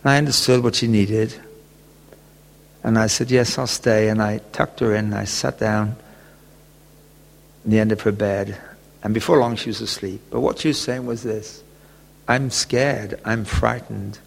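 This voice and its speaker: A man preaching a sermon, telling a gentle personal story and often chuckling. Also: on the low side, steady tone, moderate pace, gravelly, long pauses. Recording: long echoey reverb.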